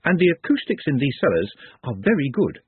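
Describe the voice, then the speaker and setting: A man's voice: a little high, big pitch swings, brisk, breathy edge, dry recording, full character voice. A man voicing an odd, polite young man who speaks formally and precisely, like a mantra. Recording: tinny phone-like dry audio.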